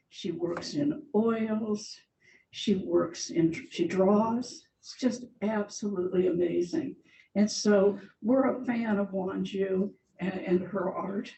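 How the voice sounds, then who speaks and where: Older woman chatting in an echoey church hall. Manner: chatty and warm, laughs often. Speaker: church guest speaker showing slides. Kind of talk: informal slideshow talk. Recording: echoey hall, distant mic, faint rumble.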